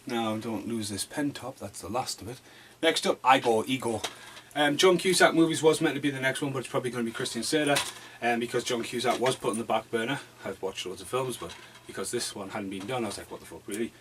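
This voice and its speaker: A man talks through a pile of movies in a loose home vlog, rambling from one thought to the next and swearing freely. His voice sits at an ordinary middle pitch. A faint background hiss sits under the recording in his dim room. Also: fast. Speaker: movie reviewer. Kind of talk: casual movie review vlog.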